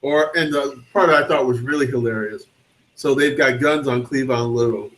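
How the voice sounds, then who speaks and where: A man's voice: medium pitch, normal speed, a bit bright, rough recording. A man co-hosting a casual film chat show, telling stories animatedly and acting out scenes in different voices.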